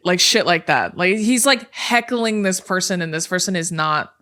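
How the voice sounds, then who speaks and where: A woman's voice: lowish voice, expressive, moderate pace, sharp tone. A young woman co-hosting a podcast, telling a story with lots of energy and swearing freely, acting out the yelps and screams of the people in it. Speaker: podcast co-host. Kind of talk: casual storytelling chat.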